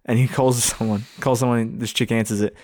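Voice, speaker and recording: A man's voice: medium pitch, little pitch movement, a little fast, a little mellow. A man co-hosting a casual podcast, telling a story with lots of laughter and swearing, close to a podcast mic. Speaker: podcast co-host. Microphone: studio podcast mic, close.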